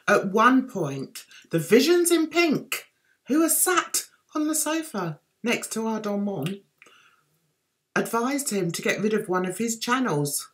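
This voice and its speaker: A woman's voice: a little high, big pitch swings, measured pace, fairly bright tone, faint music behind. Chatty sarcastic British woman vlogger. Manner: sarcastic, chatty, laughing asides. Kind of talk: gossipy commentary vlog.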